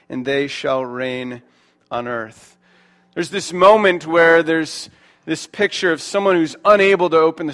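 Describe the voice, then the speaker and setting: A man in his thirties preaching a sermon, talking casually with fillers and reading scripture more quietly. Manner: conversational, animated preaching with fillers like "like" and "right?"; reads scripture aloud in a lower, quieter voice. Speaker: pastor.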